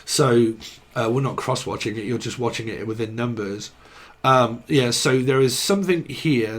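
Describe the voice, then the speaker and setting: A man talks through a tarot reading in a loose, rambling way. He jumps from one idea to the next, jokes and drops swear words as he goes. His voice sits in an ordinary middle pitch. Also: measured pace. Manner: rambling, free-associating, jokey, swears casually. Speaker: tarot reader. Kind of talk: casual stream-of-consciousness tarot reading.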